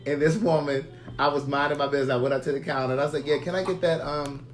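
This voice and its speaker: A man from the Baltimore area hosting a casual live chat, telling stories loudly with animated energy. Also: a little high, fast talker, noisy background. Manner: loud, animated storytelling. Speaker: host.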